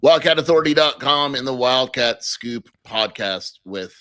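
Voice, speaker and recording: A man's voice: medium pitch, animated, normal speed, bright, forceful tone, no echo. A man co-hosting a casual sports podcast, answering in short, dry quips. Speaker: co-host, sports writer.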